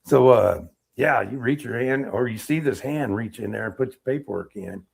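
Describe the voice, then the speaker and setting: A middle-aged man, an Army veteran, telling war-era stories in a casual interview, animated and acting out what people said. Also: mid-range voice, normal speed, vocal fry, husky. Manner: animated storyteller, acts out quotes, laughs.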